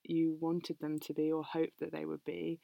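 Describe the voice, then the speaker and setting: Flat, gravelly interviewer voice. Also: mid-range voice, dry recording, dull audio. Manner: halting, searching for words. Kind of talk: interview question.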